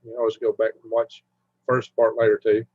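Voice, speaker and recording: A man's voice: fairly low pitch, completely flat delivery, fairly quick, darkish tone, no echo. A man hosting a casual live stream, rambling as he chats with viewers and humming to himself. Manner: rambling, chatty, hums to himself while browsing. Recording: dull lo-fi mic sound.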